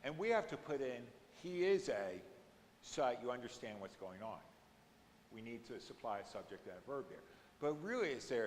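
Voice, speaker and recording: A man's voice: medium pitch, animated, moderate pace, big-room sound, slight background noise. A man teaching an adult education class at a church, explaining scripture readings step by step and rising to emphatic moments when he quotes them.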